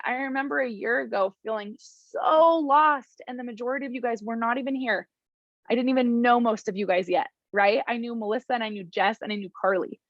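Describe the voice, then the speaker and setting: A woman's voice: on the high side, no echo, dull audio. A young woman, giving a casual motivational talk to her team. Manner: warm, encouraging, emotional at times; chatty with many fillers. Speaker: team leader addressing her downline.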